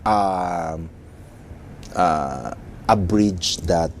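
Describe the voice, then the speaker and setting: A man in his fifties with a Filipino accent, a urologist explaining treatment as a talk show guest in halting sentences with many restarts. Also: low-pitched, slight background noise. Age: 50s.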